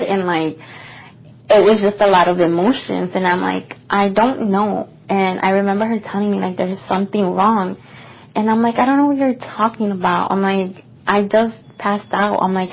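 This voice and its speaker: A young woman co-hosting a podcast, telling a personal story in a casual, rambling way with lots of fillers. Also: medium pitch. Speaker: podcast co-host. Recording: dull lo-fi podcast recording.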